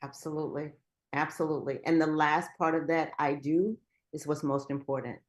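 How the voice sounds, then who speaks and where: A woman's voice: sits low, steady tone, normal speed. A woman guest speaker giving an earnest, encouraging motivational talk.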